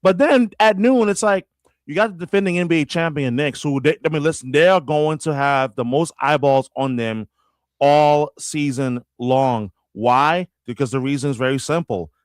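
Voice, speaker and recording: Animated stammering man talking sports. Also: a little high, moderate pace, no echo, studio quality. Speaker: radio host guest. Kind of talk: casual sports talk.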